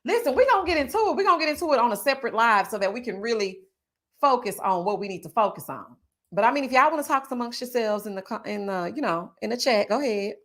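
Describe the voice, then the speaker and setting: A woman hosting a casual reality TV recap livestream. She talks straight to her viewers, reads their chat aloud, and bursts into loud laughs. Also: a little high, lively intonation, fast talker.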